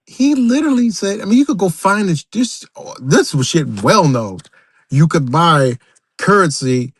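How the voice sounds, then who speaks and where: A man's voice: a little high, dry recording, clean studio sound. A man hosting a livestream, ranting unscripted, profane and emphatic, repeating himself and talking straight to his viewers. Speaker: livestream host.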